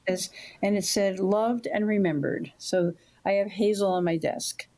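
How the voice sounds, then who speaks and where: An older woman, a guest author on a podcast interview, talking in a warm, roundabout storytelling way. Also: mid-range voice, a little slow.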